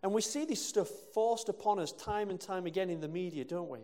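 A man's voice: high voice, a little fast, mellow. A male preacher from England giving a conversational sermon with rhetorical questions and asides. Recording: long hall reverb.

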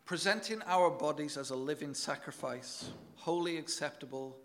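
High-voiced earnest male preacher. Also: moderate pace. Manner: earnest, emphatic, repeats words as he goes. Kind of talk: sermon.

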